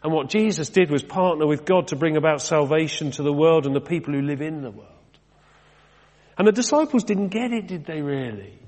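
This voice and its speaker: A middle-aged British vicar preaches in a church with long reverb, his slightly high, slightly mellow voice brisk and lively in intonation. He keeps the sermon chatty, with rhetorical questions and wry jokes at his own expense.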